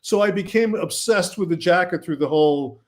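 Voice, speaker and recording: High-voiced man telling lively film stories. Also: moderate pace. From Brooklyn, New York. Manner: animated anecdotes, quotes himself and others. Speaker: guest film director. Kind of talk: casual storytelling.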